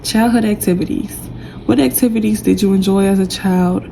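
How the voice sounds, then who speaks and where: A woman's voice: mid-range voice, steady tone, moderate pace, vocal fry, background noise. A young woman giving a casual tarot reading, chatty and emotional, talking straight to her viewers. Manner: chatty, warm and emotional, says y'all a lot. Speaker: tarot reader.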